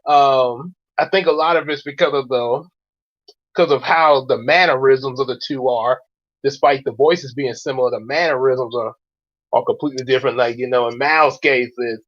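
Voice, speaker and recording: A man hosting a casual reaction chat, rambling and halting with many restarts. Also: medium pitch, dull audio. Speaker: host.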